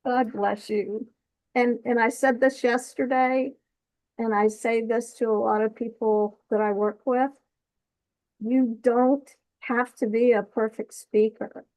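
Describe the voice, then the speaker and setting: Brief: heartfelt woman, slow and measured, somewhat high voice, dry sound. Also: fairly even intonation, a little mellow, low-quality recording. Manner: slow, heartfelt, blessing others. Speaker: summit participant. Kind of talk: emotional video call remarks. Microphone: video call.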